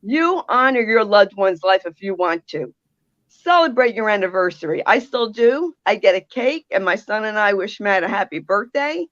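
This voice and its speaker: A woman's voice: mid-range voice, expressive, normal speed, fairly bright tone, no echo, highs cut off. A woman with a New Jersey accent, a guest on a video call, speaking emphatically and from the heart. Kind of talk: conversational interview.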